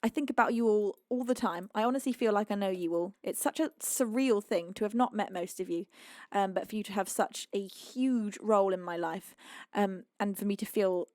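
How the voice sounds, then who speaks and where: A woman's voice: mid-range voice, normal speed, a little mellow, no echo, clean studio sound. A British woman who hosts a music livestream, chatting to her viewers between songs and gushing her thanks with frequent laughs. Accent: British English. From United Kingdom. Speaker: streaming singer-songwriter host.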